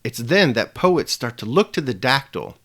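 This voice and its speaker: A man presenting a scripted video lesson with a measured, emphatic delivery. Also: mid-range voice, big pitch swings, fairly bright tone, husky. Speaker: teacher.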